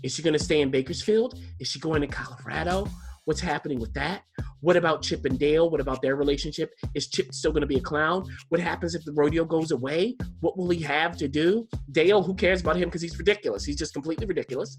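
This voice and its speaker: A man's voice: on the high side, quick pace, faint music behind. A man co-hosting a podcast, chatting enthusiastically through a TV show review with plenty of restarts and asides. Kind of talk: casual TV review chat.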